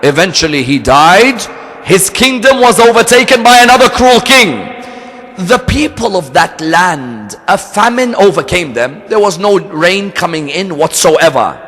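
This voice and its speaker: A man's voice: sits high, big pitch swings, a little slow, fairly bright tone. A man preaching a sermon and telling a story, earnest and fond of rhetorical questions to his audience. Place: hall of a religious center. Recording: echoey hall.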